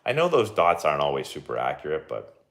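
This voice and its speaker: A man's voice: extremely low pitch, huge pitch swings, fast, gravelly. A young man, a baseball coach hosting a casual live watch-along and chatting with lots of fillers and laughs.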